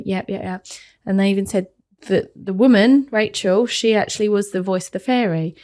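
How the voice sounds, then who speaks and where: A woman's voice: mid-range voice, steady tone, fairly quick, a little mellow. A woman co-hosting a podcast in a studio, chatting casually and keeping her co-host on track. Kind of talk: casual chat.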